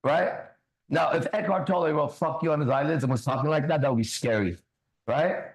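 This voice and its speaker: A man's voice: fairly high pitch, fairly quick, poor audio. A man hosting a ministry talk show, preaching bluntly with swearing and constant rhetorical questions.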